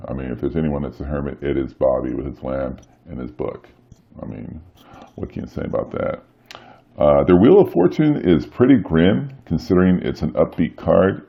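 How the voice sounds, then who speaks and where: Very deep, gravelly man reviewing cards. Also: lo-fi sound. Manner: musing, thinking aloud with frequent fillers. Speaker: tarot deck reviewer. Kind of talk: casual unboxing review.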